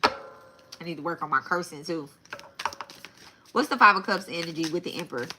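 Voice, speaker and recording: A woman's voice: fairly low pitch, normal speed, heavy background noise. A woman giving a live tarot reading in a casual, blunt way, often repeating and restarting her phrases. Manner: blunt, swears. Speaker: tarot reader.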